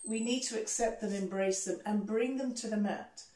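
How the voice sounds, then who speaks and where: A woman leads a yoga class with gentle, soothing guidance, her tone mellow and warm. She sits a little back from the microphone, and the room around her rings with echo. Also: medium pitch, normal speed, far from the mic. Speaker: yoga teacher. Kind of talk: guided yoga instruction. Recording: echoey room, voice off-mic.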